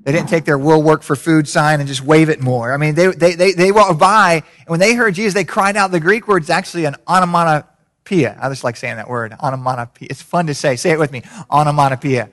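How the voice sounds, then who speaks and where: A man preaching to his congregation, his voice sitting a little high for a man. He talks casually through the explanation, then builds to loud, shouted climaxes. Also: brisk. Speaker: pastor. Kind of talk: sermon.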